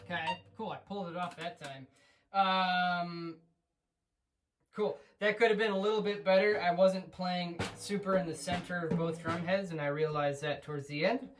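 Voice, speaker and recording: A man giving a drum student feedback in a relaxed, encouraging way, with frequent ums and restarts. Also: sits high, normal speed, over music. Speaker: drum teacher. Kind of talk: recorded feedback lesson. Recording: distant mic with faint noise.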